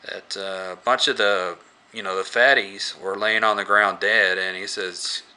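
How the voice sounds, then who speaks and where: This is a man with a lowish, sharp, tense voice, recapping a movie casually. He rambles and halts often, filling the gaps with filler words. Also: fairly even intonation, unhurried, clear, resonant tone. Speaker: movie reviewer.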